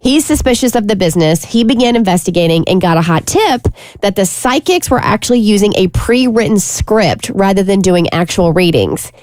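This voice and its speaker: A female radio co-host explaining things in a brisk, chatty way. Her voice sits at an ordinary pitch and sounds dry and close on the studio mic. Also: expressive, a little mellow, no echo. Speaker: radio show co-host presenting a segment. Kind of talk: casual talk radio segment.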